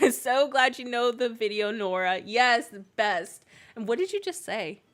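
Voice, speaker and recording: A woman's voice: a little high, unhurried. Giggly young woman telling stories. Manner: giggly, animated storytelling. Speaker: streamer and co-host. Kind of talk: casual chat while gaming.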